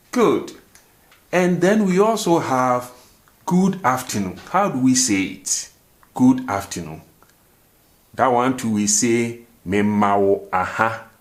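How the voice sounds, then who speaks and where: A man teaches a language lesson at an unhurried pace. His voice sits somewhat low. He drills each phrase and poses little "and that is what?" questions to the learner. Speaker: language teacher, show host. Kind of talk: language lesson, slow and repetitive.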